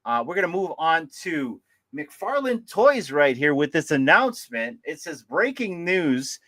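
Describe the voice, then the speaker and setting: A man co-hosting a casual livestream, chatting about collectibles and greeting viewers by name. His fairly high voice swings widely in pitch and he laughs often. The sound is close and dry, with no room around it. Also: very animated, measured pace, pushed and bright, no echo. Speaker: livestream co-host.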